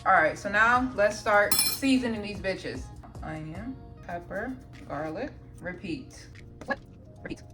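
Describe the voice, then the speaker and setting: A woman's voice: medium pitch, expressive, a little slow, distant mic, loud music behind the voice, low-quality recording. A young woman cooking in her home kitchen and talking through each step in a chatty, profane, joking way. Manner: chatty, profane, jokey self-narration. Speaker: vlogger. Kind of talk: casual cooking vlog. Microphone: phone on a charger, away from the stove.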